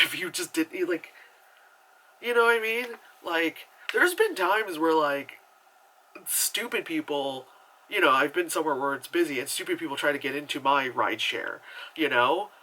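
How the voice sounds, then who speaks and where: A man chats through a movie review in an animated, rambling way, piling up asides and "you know"s. His voice sits a little high and sounds bright and sharp. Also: moderate pace, rough recording. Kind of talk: casual chat.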